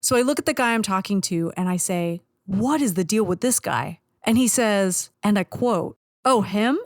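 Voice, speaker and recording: Woman host for a radio show, mid-pitched, blunt and sweary, dry close sound. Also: lively intonation, normal speed, a little mellow, no room sound. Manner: blunt, emphatic, swears freely. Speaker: radio show host and touring band member. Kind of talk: spoken story and radio intro.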